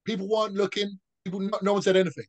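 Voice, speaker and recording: Casting note: guy, podcast co-host, blunt and slangy, slightly high voice. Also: level tone, racing, rough recording. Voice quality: blunt, swears casually, slang like innit. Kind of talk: casual chat.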